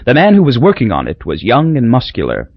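A man reading an audiobook in a wry, measured storytelling voice. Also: mid-range voice, huge pitch swings, slightly rough, dry recording, dull audio. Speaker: audiobook narrator. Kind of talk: scripted narration.

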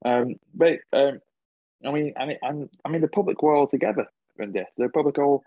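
A man co-hosting a history podcast in an easygoing way, often agreeing and filling pauses. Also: a little high, breathy edge, no echo, phone-quality sound. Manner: easygoing, with many fillers and agreeing interjections. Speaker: podcast co-host. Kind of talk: casual history podcast discussion.

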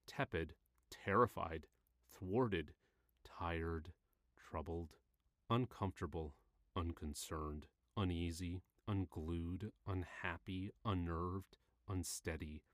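A man reading a nonfiction handbook aloud in a measured, deliberate way. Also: fairly low pitch, a bit bright, no room sound, clean studio sound. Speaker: audiobook reader. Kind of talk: read-aloud nonfiction narration.

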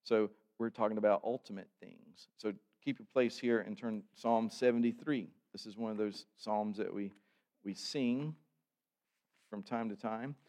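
A man preaching a sermon, reading scripture aloud and explaining it in a conversational way, often building to louder emphasis. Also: lowish voice, steady tone, measured pace. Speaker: pastor.

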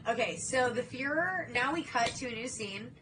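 A woman's voice: on the high side, lively intonation, moderate pace, bright, forceful tone, slight background noise, rough recording. A young woman co-hosting a podcast, chatting casually and animatedly, swearing freely and acting out movie scenes. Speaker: podcast co-host. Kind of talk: casual chat.

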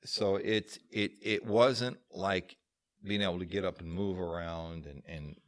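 Deep-voiced man chatting in a ramble. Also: steady tone, unhurried. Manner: rambling, repeats words as he starts sentences. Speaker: stage actor. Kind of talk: casual chat.

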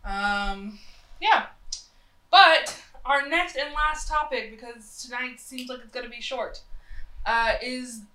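A young woman talks in a loose, rambling way, full of fillers and restarts, and her voice sounds nasal and stuffed up. Her tone is bright and forceful. The room gives the recording a noticeable echo. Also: a little high, slow pace. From North Carolina. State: nasal from a cold. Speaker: podcast co-host. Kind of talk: casual opinionated chat.

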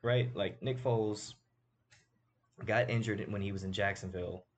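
A man's voice: lowish voice, fairly even intonation, normal speed, slight background noise. A man hosting a casual sports commentary show, talking emphatically and tossing rhetorical asides to his audience.

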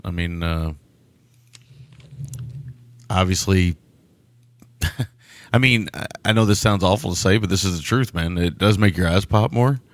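A man's voice: low voice, measured pace, long pauses, no room sound. A man co-hosting a podcast, chatting casually about a film, laughing often and stammering into restarts. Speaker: podcast co-host.

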